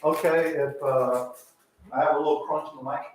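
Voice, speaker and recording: A man's voice: on the high side, fairly even intonation, normal speed. Chatty Southern man in an echoey house. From Georgia, USA. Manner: chatty, joking storyteller. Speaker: real estate agent hosting a live tour. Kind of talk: casual live-stream chat. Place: inside a house on tour. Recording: echoey room with faint noise.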